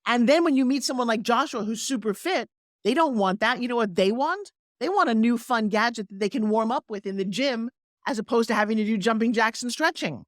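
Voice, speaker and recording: A middle-aged woman, a sales coach, talking energetically in an interview and slipping into persuasive pitching, with acted-out quotes. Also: animated, a little fast, no echo, studio quality. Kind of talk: energetic interview talk with live product pitch.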